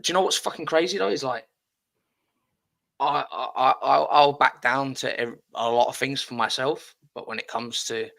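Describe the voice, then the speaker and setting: A man's voice: mid-range voice, normal speed, gravelly, fairly bright tone. A middle-aged man hosting a casual podcast, blunt and swearing freely, often repeating his words. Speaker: podcast host.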